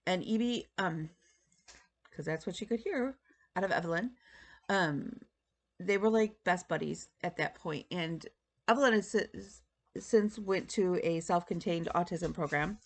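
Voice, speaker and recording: A flosstube host in her thirties chats casually to the camera about stitching, rambling with lots of ums and restarts. Her voice is on the low side and unhurried.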